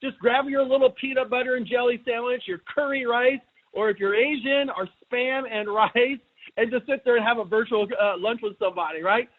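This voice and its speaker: A middle-aged man hosting a webinar, talking in a casual, energetic way and often asking his listeners questions. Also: very high voice, fairly quick. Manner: energetic, chatty, asks the audience questions. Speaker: webinar host. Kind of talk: casual motivational talk. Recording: tinny phone-like line.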